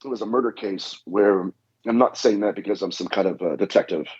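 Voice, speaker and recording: A man with a husky, somewhat low voice recounts his cases as a podcast guest. He acts out each exchange with repeated "I said" and "she goes". The audio sounds dull and lo-fi. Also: a little fast, a little mellow. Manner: anecdotal, acts out dialogue, frequent "I said". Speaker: guest, demonologist. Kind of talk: storytelling in a podcast interview.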